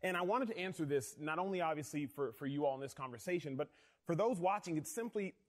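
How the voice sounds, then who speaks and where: A man hosting an interview, earnest and emphatic, speaking in a measured conversational way. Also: fairly high pitch, lively intonation. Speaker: host.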